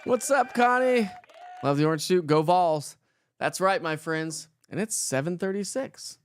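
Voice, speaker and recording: Reading viewer comments on his morning weather livestream, a Colorado man talks at a normal speed in a smooth, fairly high voice. The recording is dry, with a faint crowd audible behind him, and he greets viewers by name in a casual, upbeat, joking way.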